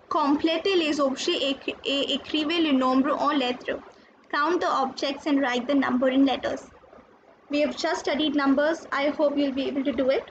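A woman teaching a recorded French lesson, patiently spelling out letters and repeating each word. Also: high voice. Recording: dull lo-fi with faint noise.

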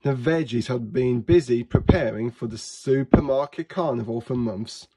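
A man, a teacher, reading a children's storybook aloud in a clear, expressive way. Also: medium pitch, normal speed, few pauses.

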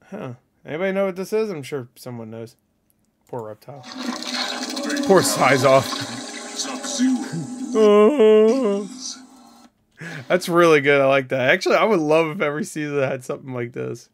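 A man talks through a reaction video in loose, unscripted commentary. His voice sits a bit high, and he rambles from thought to thought, restarting sentences and filling pauses. He gets excitable, laughing and swearing freely. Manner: thinks aloud with many fillers and restarts.

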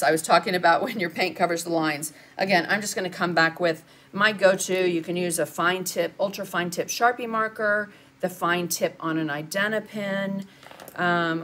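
A woman's voice: on the low side, fairly bright tone, slight background noise. An older woman, chatting through a live painting lesson and answering viewers as she works. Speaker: art instructor.

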